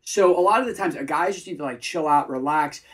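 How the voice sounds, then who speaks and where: A man who coaches students on dating, talking in an animated, casual way and acting out example lines in mock voices. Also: on the high side, brisk. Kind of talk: casual advice chat.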